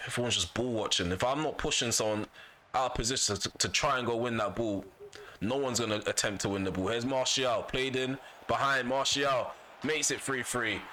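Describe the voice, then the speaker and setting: Male gaming YouTuber, bright tone, frustrated self-repeating commentary over a faint hum. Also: medium pitch, moderate pace. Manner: frustrated, vents and repeats himself. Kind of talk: casual gameplay commentary.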